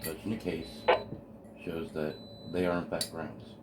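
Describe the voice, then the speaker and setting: A man with a very deep voice walks through a kit build step by step at his workbench. He sounds eager and easily excited as he explains. The home video recording carries a steady hiss of background noise. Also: unhurried. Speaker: amateur radio hobbyist building a kit. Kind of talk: hands-on kit assembly walkthrough.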